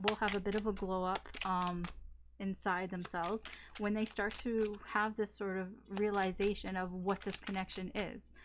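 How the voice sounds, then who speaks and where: A woman doing a tarot reading in a loose, conversational way. Her voice sits at an ordinary middle pitch. She wanders through her points with lots of fillers, restarts and the occasional curse. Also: background noise. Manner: chatty and rambling, full of fillers, restarts and casual swearing. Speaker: tarot reader.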